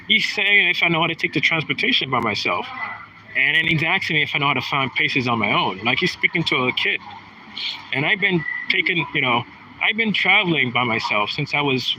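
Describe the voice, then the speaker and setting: A man's voice: a little high, sharp tone, slight background noise, poor audio. Aggrieved rambling man in his thirties. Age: 30s. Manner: rambling, aggrieved, many restarts. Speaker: vlogger. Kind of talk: casual monologue.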